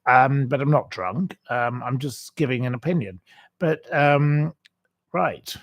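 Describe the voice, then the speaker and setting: A man's voice: medium pitch, a little slow. A man hosting a livestream, reading out viewer comments and ranting bluntly with repeated insults. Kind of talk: casual live-chat rant.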